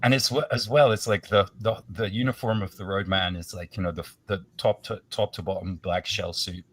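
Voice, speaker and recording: A man who is a podcast guest, talking in a relaxed, musing way full of fillers. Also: low-pitched, fairly quick, breathy edge, no room sound, far from the mic. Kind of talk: casual podcast chat.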